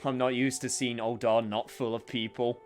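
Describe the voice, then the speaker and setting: A man's voice: medium pitch, little pitch movement, moderate pace, faint music behind. A man streaming a game, chatting casually and reading its dialogue aloud. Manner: chatty, rambling with restarts.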